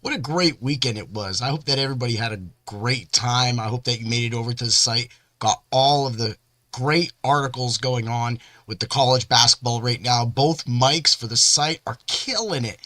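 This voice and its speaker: A man's voice: medium pitch, moderate pace, sharp tone, no room sound. A man hosting a podcast in a casual, rambling monologue, talking with boastful energy. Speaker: podcast host. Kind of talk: casual hype-filled monologue.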